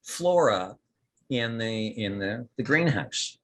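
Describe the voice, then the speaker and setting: A man as storyteller, narrating a tabletop role-playing game in a lively, descriptive way. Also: fairly low pitch, slow.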